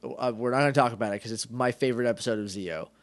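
A man co-hosting a podcast in casual chat, playful and quick to put on silly voices when he retells scenes. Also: medium pitch, no room sound. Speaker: podcast co-host.

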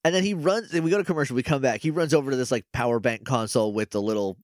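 On a dry, studio-quality recording, a male podcast co-host races through a casual episode recap. His voice is medium in pitch, and he laughs and performs quoted voices as he goes.

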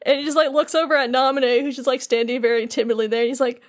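A woman's voice: sits high, quick pace. A woman co-hosting a podcast, casually recapping a story and acting out the characters' lines as she goes. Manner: animated retelling with quoted character voices. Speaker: podcast co-host. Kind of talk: casual chat recapping a game.

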